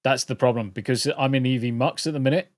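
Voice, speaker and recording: A man's voice: medium pitch, fast, no echo, studio quality. A British man hosting a livestream, chatting casually to viewers in a rambling, jokey way and swearing freely. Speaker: livestream host.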